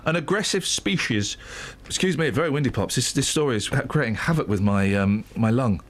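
A man's voice: mid-range voice, expressive, brisk. A man presenting breakfast radio with an English accent, reading odd news stories with jokey, rambling asides. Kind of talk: casual breakfast radio chat.

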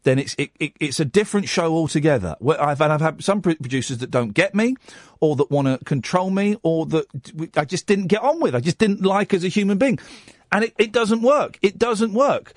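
A man's voice: a little high, fairly quick, no echo, studio quality. A man hosting a radio phone-in, chatting casually and restarting his sentences often. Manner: animated, self-deprecating, stammers and restarts. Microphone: studio microphone.

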